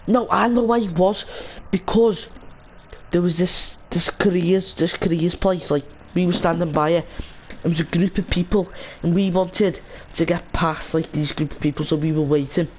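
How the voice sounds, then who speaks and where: A man's voice: on the high side, darkish tone, a little hiss or hum, low-quality recording. A young man streaming a game, chatting casually and rambling with lots of restarts and fillers. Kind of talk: casual gaming stream chat.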